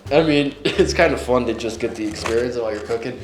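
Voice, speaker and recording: A man's voice: mid-range voice, fast, slight background noise. A young man chatting casually while cooking in his home kitchen, joking and yelping as onions make him cry. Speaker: home cook. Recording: echoey room, faint music.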